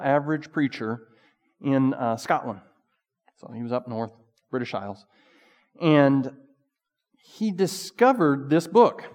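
Male pastor, mid-pitched, casual conversational sermon delivery with emphatic peaks, recorded in a reverberant hall. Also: a little mellow.

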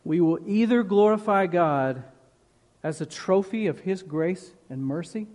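Slow, emphatic preacher in a big hall. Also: male voice, high voice, darkish tone. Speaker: pastor. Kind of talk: sermon. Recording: long reverb of a large hall.

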